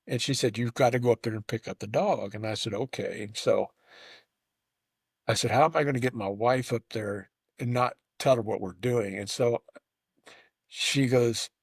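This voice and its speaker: A man's voice: medium pitch, normal speed, vocal fry, breathy edge, no room sound, studio quality. A man hosting a casual conversation, telling a long rambling story with frequent restarts and stammers. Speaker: host.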